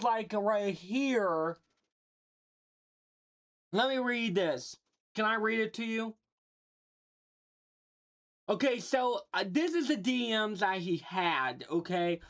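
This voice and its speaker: Woman streamer, slightly high voice, unhurried playful roasts. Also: highs cut off. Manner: teasing, mock-insulting, laughing at own jokes; talks to chat and a friend off-mic. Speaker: livestreamer. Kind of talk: casual livestream roasting.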